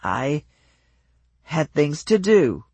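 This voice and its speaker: A domineering drunk husband slurs low, drawn-out demands, put on by the narrator. He pushes his words out slowly and expects to be obeyed. The audiobook voice is husky and dry. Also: very animated, a little mellow, dry recording, full character voice. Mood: angry scolding. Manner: slow and demanding. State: drunk, slurred speech.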